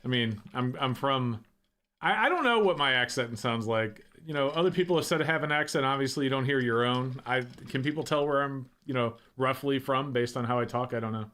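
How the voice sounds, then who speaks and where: A man hosting a casual livestream chat, relaxed and thinking aloud as he talks. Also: medium pitch, brisk. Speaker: livestream host.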